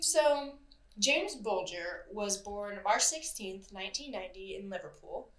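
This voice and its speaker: A young woman co-hosting a true-crime podcast, chatting casually, swearing freely and laughing at herself. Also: mid-range voice. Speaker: podcast co-host. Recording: roomy echo.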